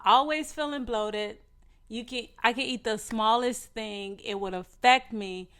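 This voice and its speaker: A woman co-hosting a podcast, telling personal stories openly with fillers and rushing through repeated phrases. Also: fairly high pitch, fairly bright tone, smooth. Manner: open storytelling, hedging fillers, rushes repeated phrases. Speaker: podcast co-host. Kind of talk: casual health chat.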